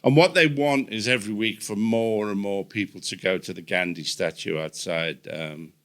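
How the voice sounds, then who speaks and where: A man's voice: fairly low pitch, normal speed, fairly bright tone. An older man hosting a live podcast on stage, telling rambling anecdotes full of restarts. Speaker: podcast host. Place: comedy venue stage with live audience.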